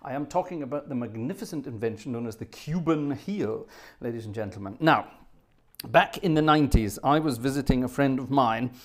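A man's voice: medium pitch, expressive, brisk. A middle-aged man from Scotland hosting a home organ livestream, telling a rambling, jokey story with self-corrections and asides.

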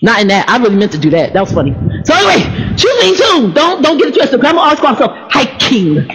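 Brief: woman preacher, animated sermon, shouts and scat fills, long hall reverb. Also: fairly high pitch, quick pace. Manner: animated, bursts into shouts, scats "ba ba ba"; laughs between points, talks to the crowd.

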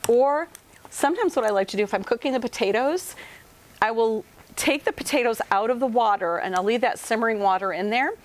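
A woman's voice: on the high side, poor audio. Chatty folksy woman demonstrating cooking. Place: kitchen.

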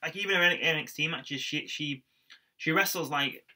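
A man's voice: fairly high pitch, normal speed, bright, forceful tone. A young man co-hosting a wrestling podcast, rambling casually and chatting with fillers and restarts. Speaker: podcast co-host. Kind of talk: casual chat reviewing wrestling.

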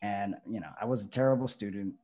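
A man's voice: lowish voice, fast talker, warm tone. A male pro wrestler talking casually as an interview guest, rambling with lots of fillers and restarts.

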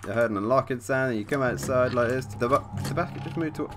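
A man's voice: mid-range voice, fast talker, background noise. A man giving let's play commentary on a horror game, reading the text aloud and swearing at jump scares. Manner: swears often, jumpy reactions, reads game text aloud. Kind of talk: gameplay commentary. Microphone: desk mic with facecam.

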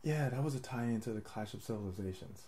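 Low, mellow-voiced man rambling casually. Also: expressive, fast. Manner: rambling, laughs often, swears casually. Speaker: podcast host. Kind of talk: casual chat.

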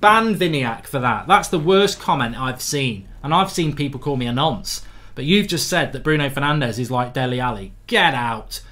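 Blunt, ranting football fan. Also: male voice, medium pitch, expressive, moderate pace, fairly bright tone. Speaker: football fan stream host. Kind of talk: live fan reaction stream.

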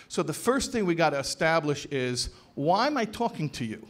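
Emphatic rabbi lecturing, slightly high voice. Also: male voice, very animated. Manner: emphatic, repeats phrases for stress, slows down on key words. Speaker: rabbi giving a talk to educators. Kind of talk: conference lecture. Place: convention hall.

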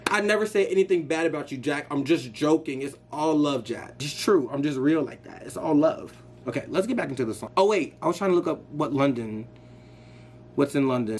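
A man giving casual, excitable reaction commentary on an album he is hearing. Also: a little high. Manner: excitable, chatty, gushing. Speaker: music reaction vlogger.

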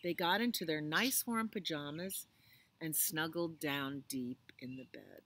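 A librarian woman gently reading a children's bedtime story outdoors at night, slow and hushed. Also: deep voice. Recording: outdoors with loud birdsong.

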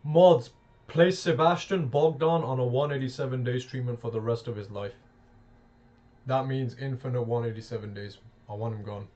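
A man's voice: mid-range voice, normal speed, darkish tone. A man streaming gameplay live, talking with brash, profane trash talk. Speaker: game streamer. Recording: dull lo-fi mic with faint noise.

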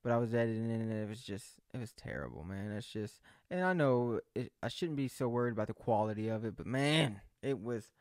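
Young man, casual rambling, jokey, mid pitch, dry close sound. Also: no room sound. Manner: rambling, jokey, self-correcting. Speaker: vlogger. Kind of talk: casual solo video chat.

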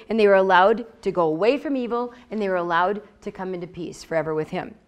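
A woman teaching a Bible lesson in a conversational way. She often repeats her phrases and checks in with her listeners, and she acts out the words she quotes. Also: mid-range voice. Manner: animated, acts out God's words.

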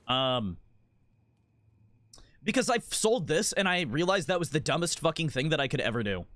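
A man streaming a game, chatting casually in a rambling, profane, animated rant. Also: a little high, no room sound.

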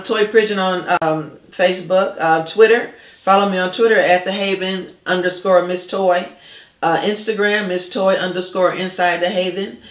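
A woman hosting a faith-based interview show, talking casually with lots of fillers and affirmations. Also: fairly low pitch. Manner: warm affirming, many fillers and uh's. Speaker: talk show host. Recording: roomy, distant mic.

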